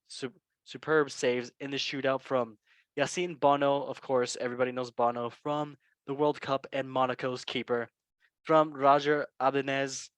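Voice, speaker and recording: A man's voice: medium pitch, fairly bright tone, dry recording. Guy hosting football chat, joking around, dry close sound. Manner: joking, chatty, laughs at own lines. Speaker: podcast host. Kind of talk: casual football news chat.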